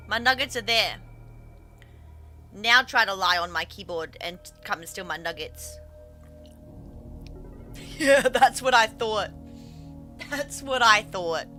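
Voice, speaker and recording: A woman's voice: mid-range voice, bright, forceful tone. A woman streaming games, chatting playfully, cooing at her cat and reading game text aloud with drama. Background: faint stream music.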